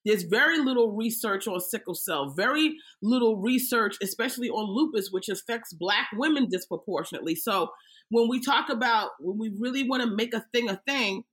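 Female comedian, bright tone, lively podcast storyteller. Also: a little fast. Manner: animated storytelling, bursts into high mock-wailing impressions. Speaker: comedian guest. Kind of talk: casual podcast chat.

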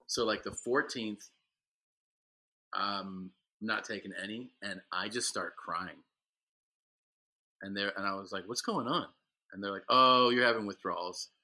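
A man's voice: fairly low pitch, measured pace, pauses often, sharp tone. A man chatting casually on a podcast, rambling with fillers and laughing at himself. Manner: rambling, self-deprecating, many fillers and laughs. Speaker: podcast co-host. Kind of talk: casual chat.

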